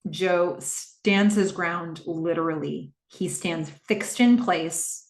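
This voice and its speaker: Taking it slowly in a lowish voice, a podcast host reflects on a TV episode, describing its scenes with frequent fillers. She asks her listeners what they make of it, and the room she records in is echoey.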